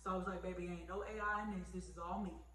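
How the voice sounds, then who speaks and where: A young woman vlogging an emotional testimony, animated and emphatic, repeating phrases for effect. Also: on the low side, fast talker. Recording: echoey room with faint hum.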